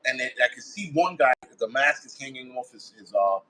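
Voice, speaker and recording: A man's voice: mid-range voice, expressive, a little fast, bright, forceful tone, poor audio. A man, a firefighter guest, telling a story in a blunt, casual way with heavy swearing, acting out his own quoted thoughts. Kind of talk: casual first-person storytelling.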